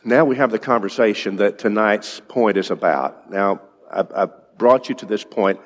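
A man's voice: fairly low pitch, normal speed. A male preacher giving an evening sermon in a conversational way, asking his congregation questions. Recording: long reverb in a large hall.

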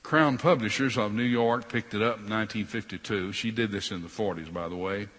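A man preaching a sermon, swinging between loud emphasis and quiet sarcastic asides. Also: on the low side, fairly quick. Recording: long hall reverb.

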